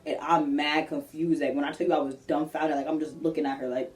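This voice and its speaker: A young woman telling a personal story in a casual vlog, animated and slangy, acting out what people said. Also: sits low, fast, hardly any pauses, recorded from a distance. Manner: animated, slangy, acts out quotes.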